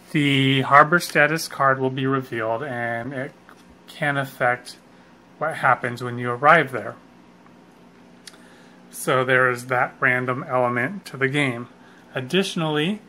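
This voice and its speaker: A man's voice: mid-range voice, bright, forceful tone, slight background noise. A man explaining how a board game is played in a casual, unscripted way, with frequent fillers and self-corrections.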